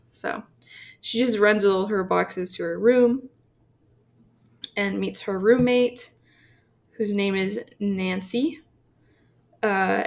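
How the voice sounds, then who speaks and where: A woman co-hosting a podcast, casually retelling a comic book story with lots of fillers and quick acted-out quotes. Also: medium pitch, gravelly. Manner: chatty, filler-heavy, acts out quotes. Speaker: podcast co-host.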